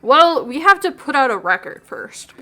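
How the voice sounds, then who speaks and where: A woman's voice: high-pitched, very animated, moderate pace, pushed and bright, voice pushed up, exaggerated voice. A woman voicing a laid-back young male skater barista with a drawling, theatrical voice. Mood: showy.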